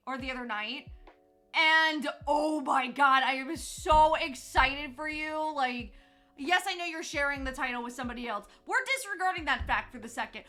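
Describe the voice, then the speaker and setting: A woman's voice: high voice, bright, forceful tone. A young woman chatting to her viewers on a live stream, bubbly and gushing, laughing often.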